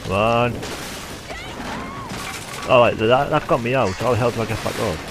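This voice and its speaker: A man's voice: mid-range voice, moderate pace, loud music behind the voice. A man giving chatty, wry commentary as he plays a video game. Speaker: gamer. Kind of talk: gameplay commentary.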